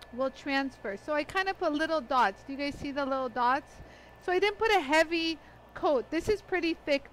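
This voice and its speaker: Hosting a live product demonstration, a woman with a high, fairly bright voice chats away, laughs often and greets viewers by name. The audio is poor, with slight background noise.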